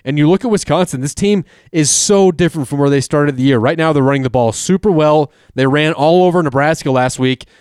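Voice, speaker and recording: A man with a smooth, clear voice hosts a relaxed college football picks show. He talks in a chatty, joking way and thinks out loud with fillers. The sound is dry and close. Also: fairly high pitch, brisk, hardly any pauses, no echo. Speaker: podcast host making college football picks. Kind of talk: casual sports betting chat.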